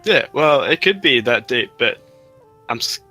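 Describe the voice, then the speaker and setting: A man's voice: mid-range voice, animated, a little slow, bright, forceful tone, breathy edge, soft background music. A young Australian man co-hosting a podcast, chatting in a laid-back, joking way and swearing casually. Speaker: podcast co-host. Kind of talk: casual chat.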